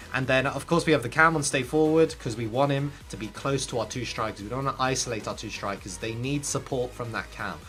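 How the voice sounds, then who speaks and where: A man gives casual gaming tips straight to his viewers. His voice sits at an ordinary middle pitch and he talks in a lively, animated way. Faint music plays underneath. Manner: animated, addresses viewers directly. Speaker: gaming content creator. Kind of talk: casual tips talk to camera.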